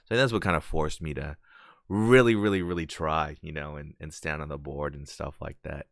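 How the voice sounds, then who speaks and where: A laid-back man chats on a podcast with a very low voice that has a bright, forceful edge. He swears casually, and the sound is dry and close. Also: fairly even intonation, normal speed, vocal fry, no echo. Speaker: podcast co-host. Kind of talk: casual chat.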